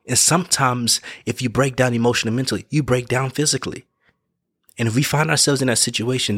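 Guy talking life advice, kinda husky voice, keeps repeating himself, asks if you get what he's saying. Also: on the low side, a bit bright, no room sound, clean studio sound. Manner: earnest, repeats points, self-corrects, checks in with listener. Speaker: vlogger giving life advice. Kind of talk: casual motivational talk.

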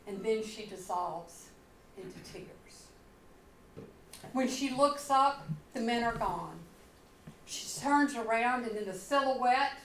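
Woman, pastor, sermon, dramatic storytelling, very slow delivery, echoey church room. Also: fairly high pitch, slight background noise. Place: church sanctuary.

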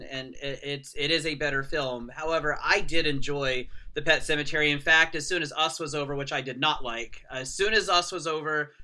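A man's voice: a little high, pushed and bright. A man chatting as a guest over a video call, rambling with lots of fillers. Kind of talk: casual chat.

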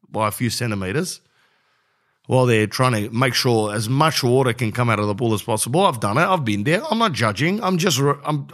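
A young Australian man talks through a rambling comic monologue on his podcast. He is brash and jokey, veers off topic and throws in plenty of slang. His voice sits at an ordinary pitch. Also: a bit bright. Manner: rambling, brash and jokey, says bro a lot. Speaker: podcast host. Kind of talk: comedic podcast monologue and host-read ad.

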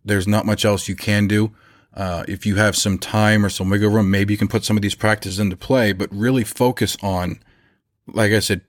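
A man who owns a chimney service business, relaxed and anecdotal, telling a story from his work. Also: deep voice, dry recording, clean studio sound. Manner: relaxed, anecdotal, acts out quoted lines. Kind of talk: conversational storytelling about running a business.

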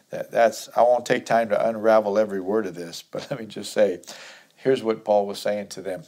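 A man's voice: fairly low pitch, steady tone, normal speed, a little mellow. A man teaching through a Bible chapter verse by verse, reading scripture aloud and then explaining it in a conversational way.

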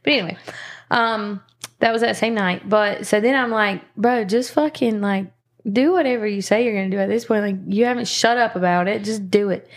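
A woman's voice: medium pitch, brisk. A woman hosting a podcast, telling stories bluntly and swearing freely in casual chat. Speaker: podcast host.

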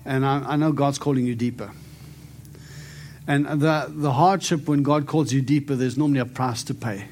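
This charismatic sermon features a preacher prophesying over his listeners, declaring emphatically and drawing them to respond. His medium-pitched, darkish voice holds a steady tone at a moderate pace, with slight background noise.

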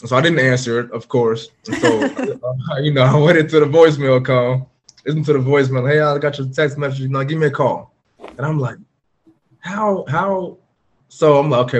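A man guest on a podcast, candidly recounting a personal story in an earnest, open way with frequent fillers. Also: medium pitch. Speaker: podcast guest, former pro football player.

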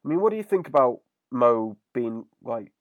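A man's voice: mid-range voice, normal speed, highs cut off. Man casually recapping an episode. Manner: relaxed recapping, filler-heavy. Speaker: podcast co-host. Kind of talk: casual chat.

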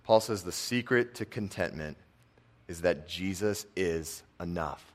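A young man giving a casual, conversational sermon, dropping his voice soft on key lines. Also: sits low, measured pace. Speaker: preacher and football coach.

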